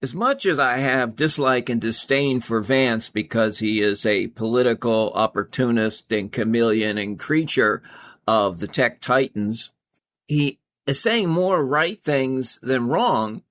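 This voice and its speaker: A man's voice: medium pitch, measured pace, a bit bright. A male host reading political headlines and adding sardonic, cutting remarks after each one. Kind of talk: political news commentary.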